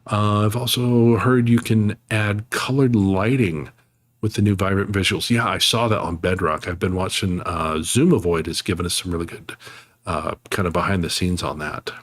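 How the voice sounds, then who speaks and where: Chatty, low-voiced male streamer. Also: fairly even intonation, normal speed, no echo. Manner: chatty, laughs easily, reads and thanks chat. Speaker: live streamer. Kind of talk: casual live-stream chat while playing a game.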